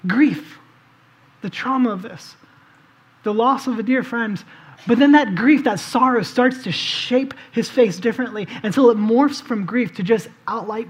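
A preacher giving a conversational sermon, telling a scripture story vividly and inviting listeners to picture the scene, with casual fillers along the way. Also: medium pitch. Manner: casual, with frequent "like" and "um".

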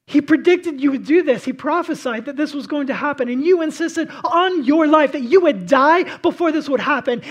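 Husky high-voiced man preaching a sermon. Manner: swings from loud impassioned outbursts to hushed, intimate reflection. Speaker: pastor.

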